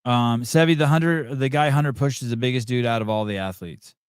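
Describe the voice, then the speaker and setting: A man's voice: medium pitch, brisk, clear, resonant tone. Brief: male podcast host, casual and profane, reacting to a live broadcast. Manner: joking, profane, wondering aloud. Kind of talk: casual chat watching a broadcast.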